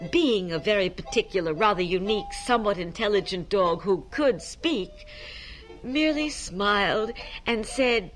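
A woman reading a children's story aloud, animated and coaxing listeners to repeat tongue twisters. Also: medium pitch, normal speed, faint music behind.

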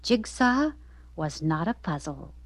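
A woman narrating a children's story aloud in an expressive, lively way. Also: on the low side, slow, no echo.

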